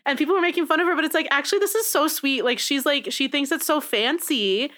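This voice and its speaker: A woman's voice: high-pitched, fast talker, a bit bright. A young woman co-hosting a podcast in casual chat, talking emphatically with frequent laughter. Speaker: podcast co-host.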